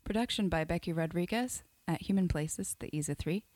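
A woman producer reading the show's closing credits in an even, measured way. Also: on the low side, no echo. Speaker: podcast producer. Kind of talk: read outro credits.

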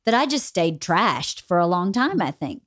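A woman's voice: fairly low pitch, moderate pace, dry recording, clean studio sound. A woman hosting a podcast, chatting casually and telling stories with candid, blunt swearing. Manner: candid, swears freely, animated storytelling. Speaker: podcast host. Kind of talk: casual chat.

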